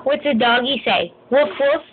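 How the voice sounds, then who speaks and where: A woman's voice: high voice, normal speed. A woman talking playful, sing-song baby talk to a little child at home, laughing often. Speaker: parent playing with a baby. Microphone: phone camera. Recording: tinny phone recording with loud noise.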